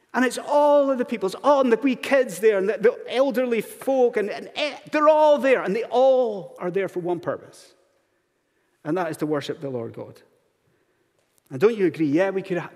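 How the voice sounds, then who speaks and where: Preacher with lively rising pitch. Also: male voice. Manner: questioning, rhetorical and earnest. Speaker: pastor. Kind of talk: sermon. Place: church sanctuary. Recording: long hall reverb in church.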